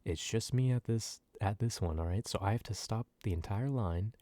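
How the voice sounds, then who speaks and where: A man on a close microphone in a soft-spoken ASMR ramble, ranting loosely with lots of fillers and swearing, sometimes sinking to near whispers. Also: on the low side, normal speed, dry recording. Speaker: ASMR channel host.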